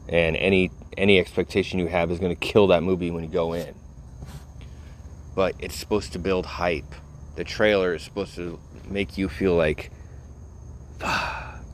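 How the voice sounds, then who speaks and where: A man's voice: deep voice, a little hiss or hum. A tired man rambling casually to his audience, laid-back and full of profanity. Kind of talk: casual rambling talk to camera.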